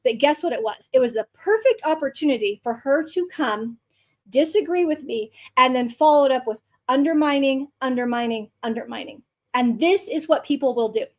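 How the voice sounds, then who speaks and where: A woman hosts her podcast with a bright, high voice. She talks bluntly and swears freely. Her monologue is fired-up and full of emphasis. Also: moderate pace. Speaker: podcast host.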